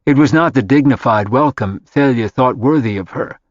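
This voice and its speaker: A man reading a contemporary novel aloud in scripted narration, measured and even. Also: mid-range voice, no room sound. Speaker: audiobook narrator. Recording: dry, slightly dull audiobook audio.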